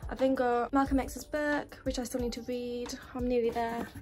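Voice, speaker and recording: A woman's voice: a little high, level tone, moderate pace, noisy background. A young woman casually narrating a tour of her university bedroom, chatty and listing things one after another. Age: young adult. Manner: chatty, listing items as she goes. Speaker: vlogger giving a room tour. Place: student bedroom in university housing. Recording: music playing under the voice.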